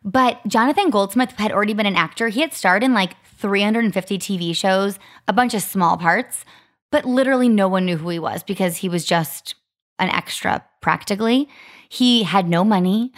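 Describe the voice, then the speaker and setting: A woman's voice: mid-range voice, normal speed. A woman in her thirties, co-hosting a podcast and telling a story in a chatty, casual way, full of "like.". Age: 30s. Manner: chatty, lots of "like" fillers. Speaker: podcast co-host.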